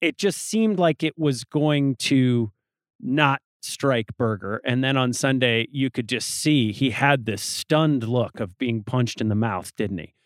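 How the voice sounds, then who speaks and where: A man's voice: medium pitch, unhurried, no room sound, clean studio sound. A man co-hosting a podcast, talking golf bluntly, swearing freely and asking pointed questions. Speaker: podcast co-host. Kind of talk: casual golf chat.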